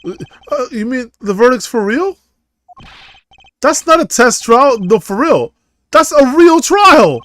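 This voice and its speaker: A man's voice: very high voice, expressive, a little slow, no room sound, pitched above the performer's own voice. A man voicing a flustered young male defense lawyer in a video game, read in an exasperated, indignant tone.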